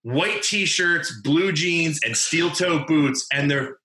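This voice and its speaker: A man's voice: a little high, slow, pushed and bright, echoey room, rough recording. A man in his twenties from New Jersey, telling a story in casual chat, rambling with lots of fillers and swearing. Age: 20s. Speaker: podcast guest telling a story.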